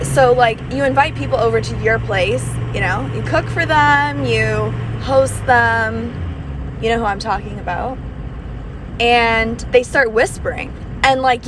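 A young woman telling a story in a rambling, frank way, full of fillers and swearing, while riding in a moving car. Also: a little high. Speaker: vlogger. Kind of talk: casual storytelling rant. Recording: loud car engine noise. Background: car engine hum.

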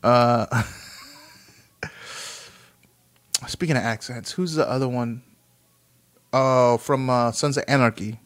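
A man's voice: mid-range voice, fairly even intonation, slow, pauses often, fairly bright tone. A man in his thirties chatting casually and rambling, swearing often and breaking into laughter.

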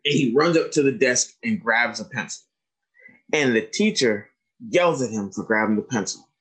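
Husky-voiced man lecturing teachers. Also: medium pitch, rough recording. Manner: animated storyteller, asks the audience questions. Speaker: educator giving a training talk. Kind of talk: lecture to teachers with told stories.

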